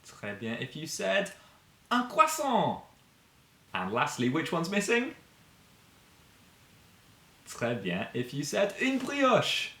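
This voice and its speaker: A man teaching basic French to beginners and kids, saying each word slowly and clearly for learners to repeat. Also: a little high, sing-song, bright, forceful tone, echoey room. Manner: slow, drawn-out repetitions for learners to copy.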